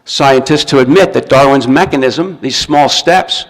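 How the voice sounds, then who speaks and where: A man lectures to an audience and explains his points step by step, now and then breaking off a word and starting it again. His voice has a gravelly edge. The sound carries a long reverb from the hall. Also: medium pitch, measured pace. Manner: explains step by step, shows a book, restarts words often. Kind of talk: recorded talk to an audience.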